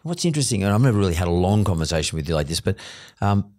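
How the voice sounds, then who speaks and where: A middle-aged podcast host with a very low voice talks quickly, musing at length before he gets to his questions. He comes across as conversational and reflective. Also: very animated, a little mellow. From Australia. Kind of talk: conversational interview.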